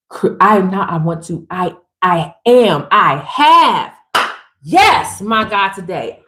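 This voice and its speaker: A woman's voice: mid-range voice, a bit bright. A woman giving a casual, emphatic livestream pep talk, talking straight to her women viewers in slangy, chatty speech. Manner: fired-up, emphatic, swears casually. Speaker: motivational speaker.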